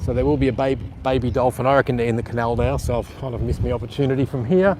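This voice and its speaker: Excitable Australian man live-streaming outdoors. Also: mid-range voice, fast, background noise. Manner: excitable, rambling, chatty to viewers. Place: outdoors by a canal on a scooter. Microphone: handheld camera with plug-in mic.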